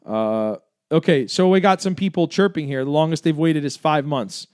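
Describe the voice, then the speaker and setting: A man hosts a casual livestream, answering viewer comments one after another. His voice sits a little high for a man. He talks with energy and likes to argue, packing his points with fillers and quick asides. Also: clear, resonant tone. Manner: energetic, argumentative, fast-talking with fillers. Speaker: livestream host for a gun rights group.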